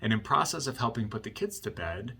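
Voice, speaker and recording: A man's voice: mid-range voice, lively intonation, fairly quick, vocal fry, bright, forceful tone, husky. A man working as a marriage counselor, explaining a point through a client story in a conversational way and often checking in with "right?".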